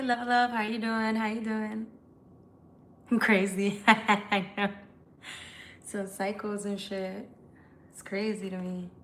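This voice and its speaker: A woman's voice: mid-range voice, fairly bright tone, slight background noise. Chatty, profane woman live-streaming. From United States. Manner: loose, profane, chatty, reads comments aloud. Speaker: tarot reader live-streaming to viewers. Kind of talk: casual live-stream chat.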